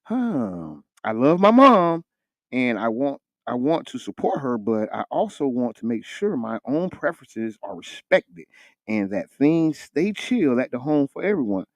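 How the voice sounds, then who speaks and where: A man co-hosting a morning radio talk show, with casual, animated banter. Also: measured pace, no room sound. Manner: animated, jumps high when joking, laughs often. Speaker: radio co-host.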